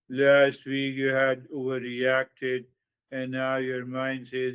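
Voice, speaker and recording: A man giving a spiritual talk on meditation, speaking slowly with drawn-out, repeated phrases and sudden emphatic rises. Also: medium pitch, monotone, a bit bright, clean tone, dull audio. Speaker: meditation teacher.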